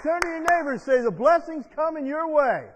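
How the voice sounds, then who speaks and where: A man's voice: extremely high pitch, expressive, fairly quick, noisy background. A male pastor preaching a sermon in church, leading the congregation in call-and-response. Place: church sanctuary. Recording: dull long-reverb church sound.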